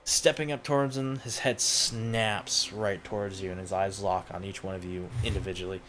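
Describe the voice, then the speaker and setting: A man narrating scenes and running a tabletop role-playing game in a relaxed, descriptive way. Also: deep voice, moderate pace, a little hiss or hum. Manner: relaxed, descriptive, laughs easily. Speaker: game master.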